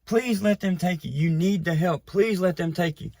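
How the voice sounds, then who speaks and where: A man voicing a worried middle-aged mother who gently begs her son in a story he tells. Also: high-pitched, moderate pace, vocal fry, dry recording, clean studio sound, pitched above the performer's own voice. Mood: pleading. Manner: begging, gentle.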